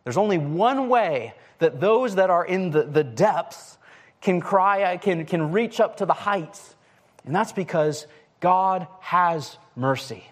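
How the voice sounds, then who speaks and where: A man delivering a sermon in a relaxed, conversational way. His voice sits a little higher than most men's. He often restarts his phrases and fills them with casual asides. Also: slow pace. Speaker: preacher.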